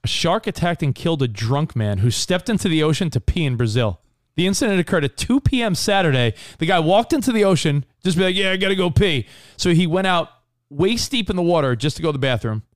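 A man's voice: fairly high pitch, expressive, fast, no echo, clean studio sound. A man co-hosting a podcast, pushing his friends and joking with crude, casual banter. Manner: pushy, profane banter. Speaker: podcast co-host. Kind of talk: casual chat.

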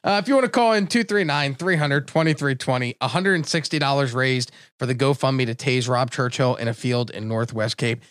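A man's voice: mid-range voice, a little fast, few pauses, fairly bright tone, clean tone, no echo, clean studio sound. A man hosting a comedy talk show, joking casually and laughing often.

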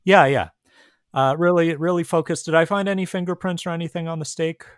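A man's voice: a little high, fairly even intonation, fairly quick, smooth, dry recording, clean studio sound. A man, a player in a tabletop game, chatting cheerfully and describing his character's actions. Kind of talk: casual tabletop game chat.

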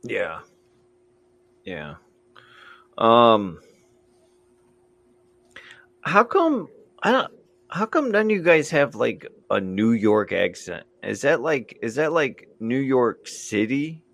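A man's voice: medium pitch, sing-song, slow pace, vocal fry, long pauses, a bit bright, no echo. A man from Indiana and Michigan hosting a casual podcast chat, easygoing and hesitant, with many ums. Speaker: podcast host.

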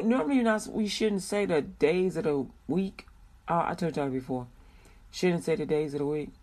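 A woman hosts a Christian radio show. She stretches out slow, heartfelt prayers, then slips into easy, chatty talk with plenty of laughter. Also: low voice, darkish tone. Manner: chatty, laughs often, drawn-out prayer phrases.

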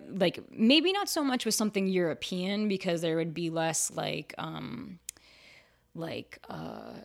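A woman actor chatting in an interview, telling stories animatedly and using many "like" fillers. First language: bilingual in Spanish. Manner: animated storyteller, acts out quoted exchanges with big pitch jumps; filler-heavy, lots of "like". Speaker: actor guest. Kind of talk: casual interview chat.

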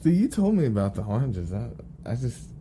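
A man's voice: mid-range voice, sing-song, a little fast, background noise. A man co-hosting a podcast, chatting casually, joking and laughing often while drinking champagne. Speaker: podcast co-host. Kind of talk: casual chat.

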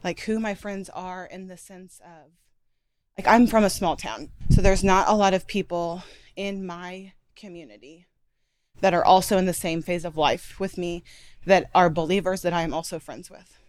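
A young woman with a slightly low voice tells a personal story to a small group. She is emotional and close to tears, her voice wavering and often fading to near silence. The recording is dry and close. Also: steady tone, moderate pace, no room sound. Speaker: book group member.

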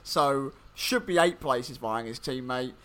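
Bright, forceful man joking on a podcast. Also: mid-range voice, a little slow. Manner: joking, self-mocking, with filler ums. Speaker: podcast co-host. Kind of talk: casual sports podcast chat.

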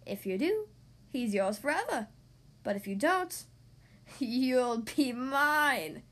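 Storybook villain: a scheming female sea witch, put on by a woman reader, slow and gloating in a raised, odd timbre. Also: sits high, lively intonation, fairly bright tone, full character voice. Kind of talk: storybook reading.

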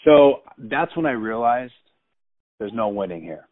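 A man's voice: mid-range voice, animated, a little slow, no echo. A man in his thirties animatedly and emphatically retelling a personal story. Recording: dry tinny phone-like sound.

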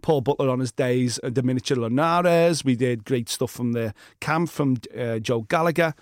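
A man's voice: mid-range voice, normal speed, dry recording, clean studio sound. A man, co-hosting a boxing podcast in casual, blunt, opinionated chat with plenty of swearing.

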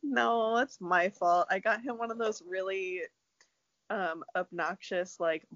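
A laid-back woman co-host chats casually, giggling and swearing now and then. She talks slowly, at a middle pitch. The sound is dry, dull and lo-fi. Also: a bit bright, no echo. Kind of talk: casual chat. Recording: dull lo-fi audio.

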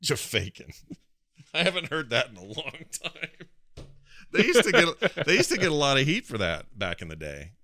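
A man co-hosting a casual gaming podcast, animated and quick to laugh. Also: a little high, no echo. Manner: animated, laughs often, does quick voice impressions. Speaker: podcast co-host.

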